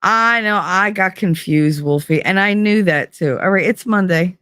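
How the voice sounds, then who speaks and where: A woman's voice: medium pitch, moderate pace, a bit bright, smooth, no echo, studio quality. A woman casually chatting with her livestream chat, bubbly and teasing, laughing a lot and tired from little sleep. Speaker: livestream host reading chat.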